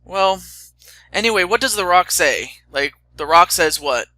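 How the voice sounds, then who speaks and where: Bright-voiced young man rambling casually. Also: sits high, lively intonation, measured pace, no echo. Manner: rambling, stammering restarts. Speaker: host. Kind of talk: casual chat.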